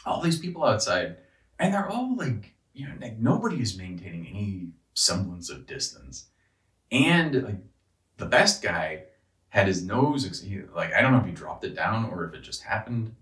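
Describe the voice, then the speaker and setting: Deep-voiced man ranting profanely, roomy. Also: big pitch swings, normal speed, a bit bright, far from the mic. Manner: profane, exasperated, rambling with restarts. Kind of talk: casual rant.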